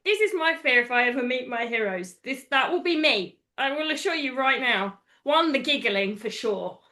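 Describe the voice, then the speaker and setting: A woman hosts a casual chat, reacting with effusive, giggly enthusiasm. Her voice is high and bright, with a sharp edge. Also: animated, moderate pace. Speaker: podcast host.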